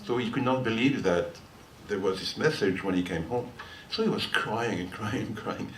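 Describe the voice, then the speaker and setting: A man's voice: lowish voice, moderate pace. An older man from France with a French accent, a guitarist telling a long, rambling anecdote between songs on stage. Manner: chatty, rambling, often laughing as he tells it. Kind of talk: storytelling between songs at a concert. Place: listening hall before a live audience. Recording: roomy hall sound from far off, faint noise.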